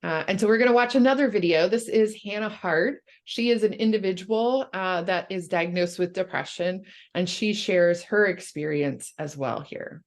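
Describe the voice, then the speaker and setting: A woman presenting a workplace wellness training online, speaking gently with many fillers and reading out a case. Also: medium pitch, moderate pace, few pauses.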